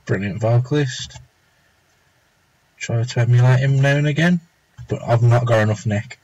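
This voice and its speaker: A man's voice: medium pitch, moderate pace, darkish tone, muffled recording. A young man chatting casually and rambling as he draws live on stream, muttering to himself now and then. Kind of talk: casual chat while drawing.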